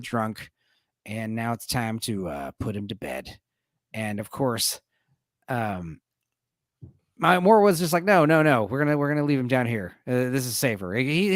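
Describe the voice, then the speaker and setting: A man's voice: mid-range voice, no room sound, studio quality. A man hosting a casual movie discussion stream, retelling scenes in a rambling, crude way with filler words. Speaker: podcast host.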